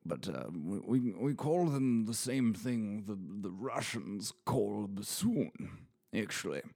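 A man's voice: fairly low pitch, animated, slow pace, creaky, mellow, husky. A man who reads audiobooks, tired and punchy after a long day in the studio, rambling jokily and slipping into mock-British pub talk. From Washington State, USA. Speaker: audiobook reader. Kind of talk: rambling off-script chat. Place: recording studio.

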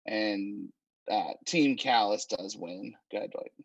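Slow-talking man recapping wrestling. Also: on the low side, no echo, poor audio. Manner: unhurried, many fillers and restarts. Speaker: wrestling podcast co-host. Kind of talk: casual chat recapping a wrestling show.

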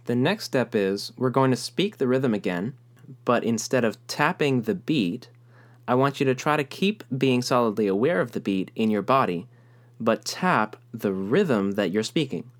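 A young man teaching a rhythm lesson, explaining calmly and speaking rhythm syllables aloud. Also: mid-range voice, moderate pace. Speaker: music teacher.

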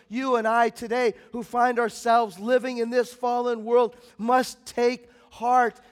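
A man preaching a sermon as pastor, swinging between loud emphatic bursts and quiet, low passages. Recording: long hall reverb.

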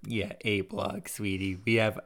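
A man's voice: lowish voice, flat delivery, a little slow, fairly bright tone. A man co-hosting a casual podcast, with a dry, sardonic, teasing way of talking. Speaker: podcast co-host. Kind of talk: casual chat.

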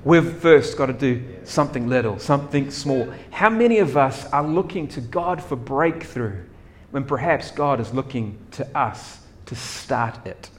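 A man preaching a sermon, acting out doubts and voices of the people in the story with big swings in loudness. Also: mid-range voice, measured pace, slight background noise. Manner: animated, acts out characters' doubts with dramatic swings in loudness. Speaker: pastor.

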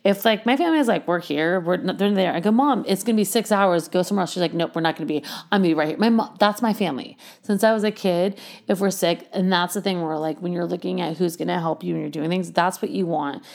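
Gravelly-voiced woman telling a candid story. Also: on the low side, fast, darkish tone. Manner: rambling, candid, laughs often, many fillers. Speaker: vlogger sharing a health story. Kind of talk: casual personal storytelling.

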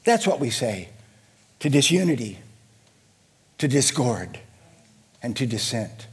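A middle-aged male pastor preaching a sermon, emphatic, swinging from hushed lows to loud shouted declarations, with a husky voice. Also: very animated, slow, long pauses.

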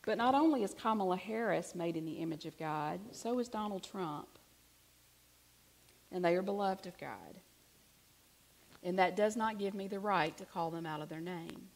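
A woman preaching a sermon, telling a personal story in a conversational way, swinging from hushed to emphatic. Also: on the low side, animated, moderate pace, long pauses.

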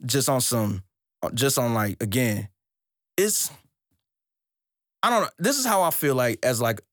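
A young man co-hosting a casual podcast, talking about music in an animated, profane way and leaping into a high excited voice when he quotes himself. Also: measured pace, dry recording, studio quality. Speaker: podcast co-host.

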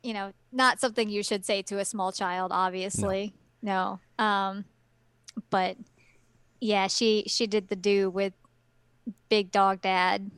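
A woman's voice: mid-range voice, little pitch movement, slow, a bit bright, clear, resonant tone, dry recording. A woman co-hosting a podcast, recapping an anime in casual chat with giggly, wry asides. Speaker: podcast co-host.

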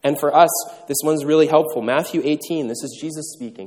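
A man's voice: on the high side, brisk, few pauses, a little mellow. Man preaching in a reverberant hall. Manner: conversational storytelling with acted-out quotes. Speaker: pastor. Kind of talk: sermon. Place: church hall.

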